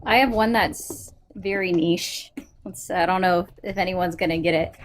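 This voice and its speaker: A woman's voice: fairly low pitch, normal speed. A woman co-hosting a live stream, joking and teasing with a playful manner. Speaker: co-host.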